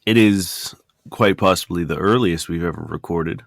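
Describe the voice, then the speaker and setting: A man's voice: deep voice, moderate pace, creaky, no echo. A man co-hosting a sex and dating podcast who has just woken up, joking around in casual chat with a morning voice and stumbling restarts. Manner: jokey, self-deprecating, stumbling restarts. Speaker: podcast co-host.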